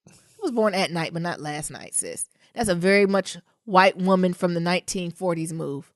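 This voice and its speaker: A woman co-hosting a podcast in casual chat, animated and joking, with lots of exclamations. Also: on the low side, normal speed, no room sound, clean studio sound. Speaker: podcast co-host.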